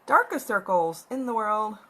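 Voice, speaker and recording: A makeup vlogger with a mid-range, slightly bright voice and big pitch swings talks at a measured pace. She rambles chattily while applying makeup at home with her cat, captured on a phone camera.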